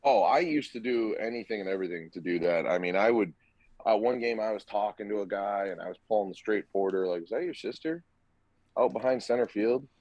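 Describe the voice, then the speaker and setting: A man's voice: lowish voice, fast, dry recording, muffled recording. A young man, a former college hockey player, chatting on a podcast and acting out the people in his stories. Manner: animated storyteller, acts out quotes. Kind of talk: casual podcast chat.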